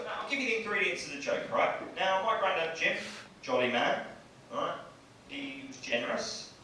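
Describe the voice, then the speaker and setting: A young stand-up comic from Bexley in southeast London, with a slightly high voice, chats with the crowd and ends his lines with "right?". The audio is very roomy and captured from a distance in a small, noisy club, with audience laughter behind him.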